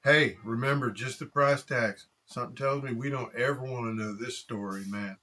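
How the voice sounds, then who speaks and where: A man voicing an excitable young rural man with a folksy drawl, eager and loud, in an audiobook reading. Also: medium pitch, normal speed. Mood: excited.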